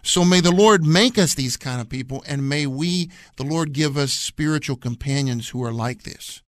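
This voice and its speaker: Man, radio Bible teacher, slightly high voice, dry close mic, earnest, emphatic repetition. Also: normal speed, no room sound. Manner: earnest, emphatic, repeats phrases for stress. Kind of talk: radio Bible study discussion.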